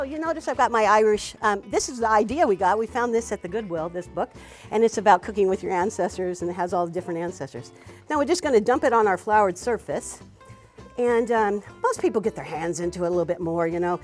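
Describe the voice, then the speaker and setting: A woman hosting a cooking demonstration, chatting to a student and using "wee" and "you know" as she goes. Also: medium pitch. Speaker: cooking teacher and show host.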